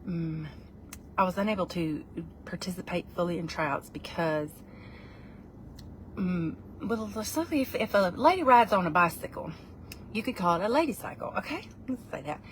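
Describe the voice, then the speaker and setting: A woman's voice: on the low side, animated, moderate pace, slight background noise. A middle-aged woman, chatting in a playful, rambling vlog while reviewing food. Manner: playful, rambling, breaks into put-on voices.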